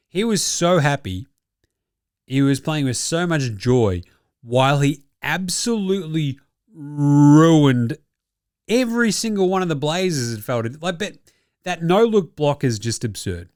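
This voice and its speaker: A man's voice: a little high, smooth, dry recording, clean studio sound. A man with an Australian accent hosting a casual basketball recap, profane and jokey, laughing often. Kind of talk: casual sports recap commentary.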